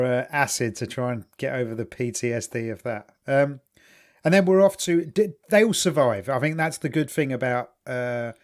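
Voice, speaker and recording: A man co-hosting a casual podcast, chatting loosely and swearing freely while recounting a documentary. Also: mid-range voice. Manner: chatty, swears freely, quotes people in little voices. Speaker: podcast co-host. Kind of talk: casual chat.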